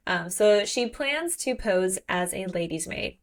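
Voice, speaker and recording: A woman's voice: medium pitch, measured pace. Chatty young woman recapping a book. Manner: chatty, filler-heavy, animated retelling. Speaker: podcast host.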